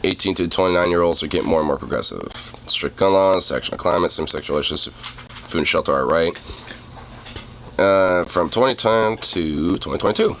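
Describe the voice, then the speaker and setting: A man's voice: deep voice, brisk, pushed and bright, slight background noise. A man streamer giving rambling, casual commentary on clips, with many fillers, swearing and laughs. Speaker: streamer reacting to videos.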